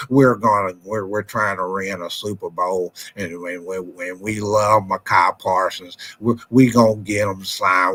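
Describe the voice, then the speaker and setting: A man doing an impression of an elderly team owner, talking in a low, slow, halting drawl and repeating his words. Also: fairly bright tone.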